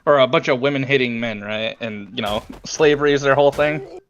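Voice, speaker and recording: A man's voice: mid-range voice, fairly quick, fairly bright tone. A man co-hosting a podcast, telling game stories in casual chat, laughing and swearing freely. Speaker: podcast co-host. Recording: dull lo-fi sound.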